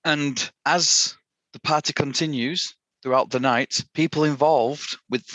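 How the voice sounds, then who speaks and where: A male podcast co-host with a bright, forward tone. His voice is recorded dry and close. He tosses in deadpan jokes while summing up a plot. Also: on the high side, unhurried, no room sound, rough recording. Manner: dry, joking asides. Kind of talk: casual podcast chat.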